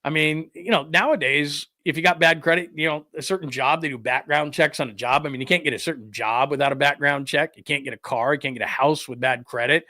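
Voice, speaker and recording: A man's voice: on the high side, a little fast, hardly any pauses, dry recording, clean studio sound. Rambling, exasperated man. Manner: rambling, exasperated, animated asides. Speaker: podcast host. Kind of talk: casual ranting commentary.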